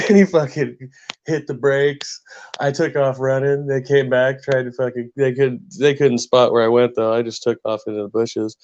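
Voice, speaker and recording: A man chatting casually on a podcast, his stories loose, rambling and full of profanity. His voice sits at an ordinary pitch. It comes through a dull, lo-fi recording. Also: steady tone, moderate pace, few pauses, darkish tone. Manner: profane, rambling anecdotes with heavy swearing. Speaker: podcast co-host. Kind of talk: casual storytelling chat. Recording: dull lo-fi sound.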